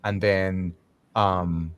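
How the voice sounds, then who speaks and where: A man's voice: deep voice, steady tone, drawn-out words, clean tone. A man hosting a talk, sharing a long personal story in a reflective, rambling way. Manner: reflective, rambling, with restarts and fillers. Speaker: host. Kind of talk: conversational talk show discussion.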